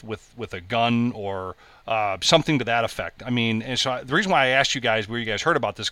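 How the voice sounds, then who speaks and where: A man hosting a casual chat show over a video call, with a bright, forceful voice that sits at an ordinary pitch. He rambles along enthusiastically and cracks jokes. His sound is close and dry. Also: no echo. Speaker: show host.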